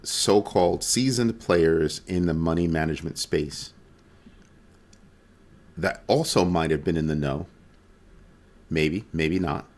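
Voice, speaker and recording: A man's voice: extremely low pitch, slow, long pauses. A man hosting a casual weekly crypto roundup, talking loosely and conversationally with frequent ums and self-corrections. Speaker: crypto video host.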